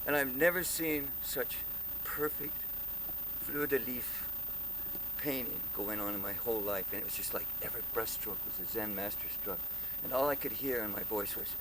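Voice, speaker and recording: A man in his seventies, a muralist, telling stories in an interview in a lively way and acting out the people in them. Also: lowish voice, moderate pace, a little hiss or hum, poor audio. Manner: lively storyteller, acts out voices. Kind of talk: storytelling interview.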